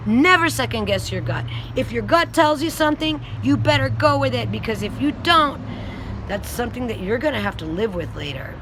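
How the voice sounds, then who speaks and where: A woman's voice: a little high, noisy background. A woman vlogger and self-described child advocate giving a blunt, profane, angry rant straight to her viewers. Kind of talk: ranting video commentary.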